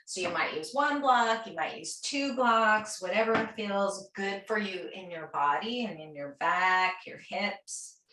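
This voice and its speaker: A woman teaching a guided restorative yoga class, giving gentle, soothing cues and counting breaths slowly. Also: medium pitch, far from the mic. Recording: roomy echo, voice a bit off-mic.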